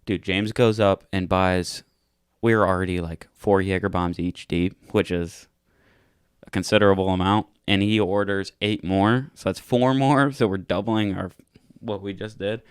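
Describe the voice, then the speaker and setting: A young podcast host with a somewhat low, smooth voice spins a rowdy bar story, swearing freely and acting out what everyone said. The sound is dry and close, with no room in it. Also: male voice, moderate pace, no echo. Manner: profane, animated retelling with acted-out quotes. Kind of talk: casual storytelling.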